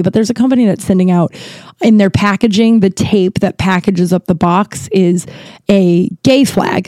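A woman's voice: medium pitch, warm tone, dry recording. A young woman telling rambling stories in a casual chat, full of fillers and swearing. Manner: chatty, rambling, profane, frequent "like" fillers. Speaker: podcast host. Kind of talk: casual storytelling.

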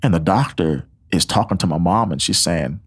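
A young man tells his testimony on a podcast in an earnest, emotional way. His voice sits low and a little husky, and it swings widely in pitch as he acts out conversations and breaks into laughter. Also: animated, moderate pace. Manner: earnest storytelling, acts out quotes, laughs often. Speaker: podcast guest.

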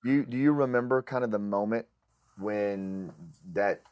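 A man's voice: on the low side, measured pace, a little mellow, clean tone. A man hosting a podcast interview, asking rambling questions that correct themselves as he goes. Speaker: podcast host. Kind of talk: casual interview chat.

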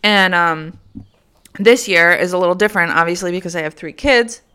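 A woman's voice: on the low side, normal speed, sharp tone, clean tone. A young woman and mother of three telling a funny story to her viewers in a chatty, casual way, laughing and swearing freely. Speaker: vlogger.

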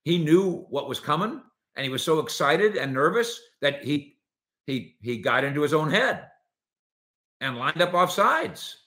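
A sports opinion show host with a voice on the high side talks in an unhurried way, yet stays animated and sarcastic, acting out what players and coaches said.

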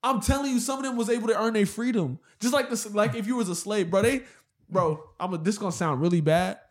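A young American man in casual chat, talking in a heated, animated way and swearing freely. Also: sits high, fast. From United States.

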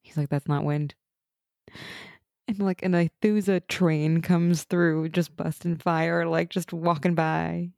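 A young woman co-hosting a casual TV recap chat, animated and laughing as she acts out lines from the show. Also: lowish voice, slow pace, gravelly, no room sound, studio quality. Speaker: podcast co-host.

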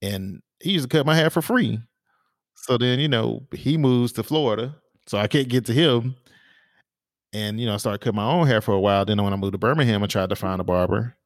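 A man co-hosting a podcast, telling stories in a relaxed, casual way with lots of fillers and restarts. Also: medium pitch, fairly quick, no echo, studio quality. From small town in the US. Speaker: podcast co-host. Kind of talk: casual chat.

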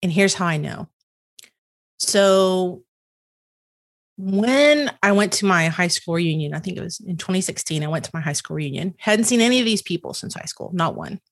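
A middle-aged woman guest on a podcast, telling stories with lively quoted dialogue. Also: fairly low pitch, normal speed, no room sound, clean studio sound. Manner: animated storyteller, acts out quoted dialogue. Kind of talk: storytelling conversation.

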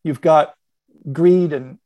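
Man, panel discussion, reflective storyteller, laughs often, slightly high voice, dry close sound. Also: slow, mellow, dry recording. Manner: reflective, laughs often, unpacks points aloud. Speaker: podcast panelist. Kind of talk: conversational storytelling.

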